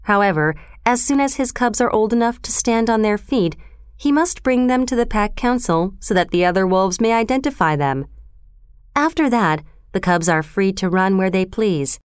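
A woman's voice: mid-range voice, lively intonation, normal speed, clear, resonant tone, dry recording. Woman narrator, storybook reading, resonant voice, dry close recording.

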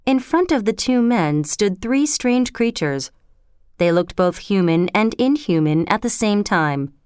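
A woman narrating a storybook in a measured, clear way. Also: mid-range voice, animated, darkish tone, no room sound, studio quality.

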